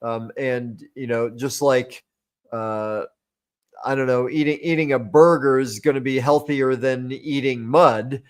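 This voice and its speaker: A man's voice: medium pitch, fairly even intonation, unhurried. A man, a personal growth coach, explaining his method step by step in a podcast conversation, using homely metaphors.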